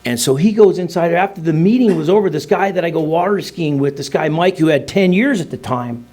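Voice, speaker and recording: A middle-aged man shares his recovery story at a meeting. His voice sits a little high for a man, and he rambles through it in a loose, joking way full of casual slang. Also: a little fast, a little mellow. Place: meeting room.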